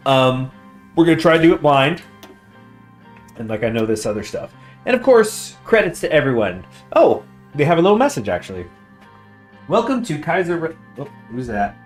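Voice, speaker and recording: A man's voice: mid-range voice, sing-song, a little fast. A man hosting a strategy game let's play, reading game text aloud in a chatty way and stumbling over foreign names. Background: faint guitar music.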